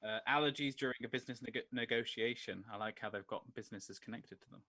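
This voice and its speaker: A man hosting an improv session over a video call, briskly calling out prompts and scene changes. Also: mid-range voice, pushed and bright.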